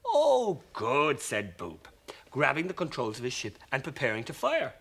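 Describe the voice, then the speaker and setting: An Irish man presenting a children's TV show, telling a story in an animated, expressive way. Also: mid-range voice, moderate pace, breathy edge.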